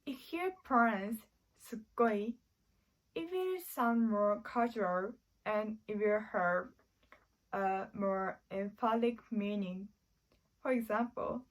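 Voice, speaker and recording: A woman's voice: on the high side, low-quality recording. A woman with a Japanese accent, explaining language points carefully to learners, with example phrases. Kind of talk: slow explanatory lesson.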